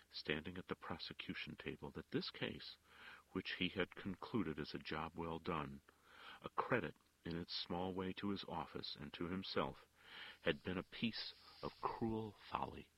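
A man narrating an audiobook with measured, expressive storytelling. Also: a bass voice, vocal fry, breathy edge, dry recording. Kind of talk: audiobook reading. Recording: dull, dry lo-fi recording.

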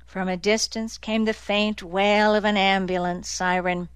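Slow, smooth woman narrator. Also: mid-range voice, no room sound. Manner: even, measured reading. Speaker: audiobook narrator. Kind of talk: scripted narration.

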